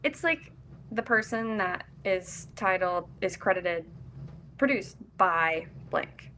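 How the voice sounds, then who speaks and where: A woman's voice: lowish voice, lively intonation, takes it slowly, sharp tone, a little hiss or hum. Chatty young woman with a giggly manner. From Louisville, Kentucky. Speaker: actress and casting director guest. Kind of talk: casual interview.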